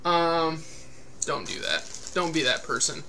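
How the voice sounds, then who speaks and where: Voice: mid-range voice, lively intonation, takes it slowly, bright, forceful tone, slight background noise. A podcast host giving an irritated, profane, sarcastic spoken movie review. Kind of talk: casual spoken review rant.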